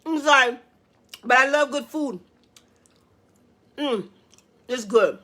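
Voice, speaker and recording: A woman, chatting excitedly to viewers while cooking in her home kitchen. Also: high voice, takes it slowly. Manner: excitable, exclaims with food, talks to viewers as y'all and baby. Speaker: home cook hosting a live cooking stream. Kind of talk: casual live cooking chat.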